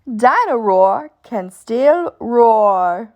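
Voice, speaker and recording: A kind, soothing mother pig from a picture book, as a woman reading aloud puts her on. Her voice lilts up and down as she reassures the children, unhurried and gentle. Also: fairly high pitch, sing-song, heavily acted. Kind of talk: storybook read-aloud.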